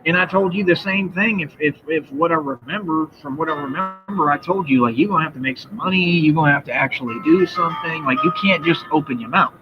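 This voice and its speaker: Combative man ranting over loud music. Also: fairly high pitch, quick pace, hardly any pauses. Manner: profane, combative, boastful. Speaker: livestreamer. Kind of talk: ranting livestream monologue. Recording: dull lo-fi sound with loud music behind.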